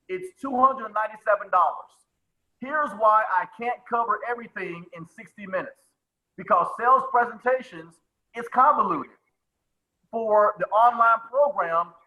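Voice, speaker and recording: High, bright-voiced male sales coach. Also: rough recording. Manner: energetic, repeats phrases, calls on attendees by name. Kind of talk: live webinar teaching.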